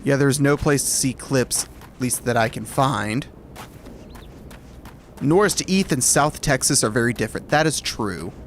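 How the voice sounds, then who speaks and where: A man's voice: mid-range voice, expressive, unhurried, slight background noise. Chatty, rambling man from Alabama. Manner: rambling and self-correcting, light chuckles. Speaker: streamer. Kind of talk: casual chat with stream viewers.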